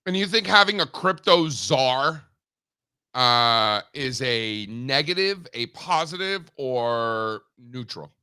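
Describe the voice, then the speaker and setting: A man hosting a live market show, brash and animated, swearing casually as he chats. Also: mid-range voice, slow pace, smooth. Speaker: host. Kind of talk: casual livestream chat.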